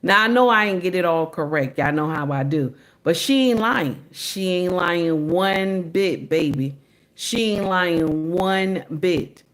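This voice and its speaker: A woman's voice: lowish voice, a little slow. Sassy woman host preaching to chat. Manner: sassy, preachy, repeats lines for emphasis. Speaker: commentary host reacting to clips. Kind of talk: casual reaction commentary.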